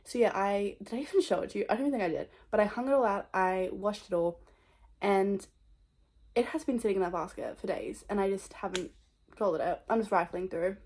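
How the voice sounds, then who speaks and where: A young woman talks straight to her camera in a loose, rambling vlog chat. She tells everyday stories with lively, animated energy and peppers nearly every phrase with "like.". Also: medium pitch, a little fast. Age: young adult. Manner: rambling, full of "like" fillers, animated storytelling. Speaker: vlogger.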